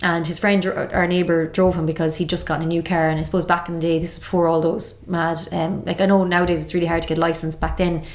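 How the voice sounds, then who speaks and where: Fast-talking Irish woman, candid and reflective. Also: on the low side, flat delivery. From Galway, Ireland. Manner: reflective, open, lots of "like" and "kind of". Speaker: podcast guest. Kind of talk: candid personal storytelling.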